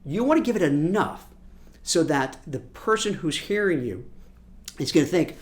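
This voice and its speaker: A man's voice: a little high, lively intonation, moderate pace. A man giving a casual career-coaching lesson, acting out little scenes with hummed sound effects and restarting words as he goes. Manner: conversational, repeats words as he restarts. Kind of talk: casual instructional talk.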